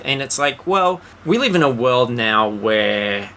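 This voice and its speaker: A man with an Australian accent, co-hosting a casual podcast chat, ranting and swearing with quick asides. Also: mid-range voice, animated, pushed and bright, slight background noise. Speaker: podcast co-host.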